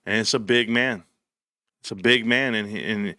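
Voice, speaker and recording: Blunt, bright-voiced man. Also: lowish voice, moderate pace, clean tone, no echo, studio quality. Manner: blunt, animated storytelling with slang. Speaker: livestream host. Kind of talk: casual livestream chat.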